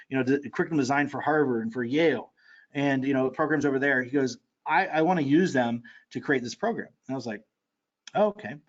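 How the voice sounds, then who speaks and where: An excitable man giving an energetic sales pitch for an online marketing course, talking in a rush with many fillers and restarts. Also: husky, dull audio.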